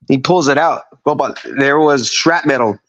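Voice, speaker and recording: A man's voice: mid-range voice, unhurried, fairly bright tone. Profane, rambling fifty-year-old man. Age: 50s. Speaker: podcast guest. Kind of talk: casual storytelling. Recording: dull lo-fi sound.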